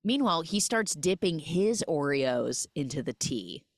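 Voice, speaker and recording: Animated, sarcastic woman podcast host. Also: low voice, dry recording, clean studio sound. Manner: animated, sarcastic, fast storytelling with quoted voices. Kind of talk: casual film recap chat.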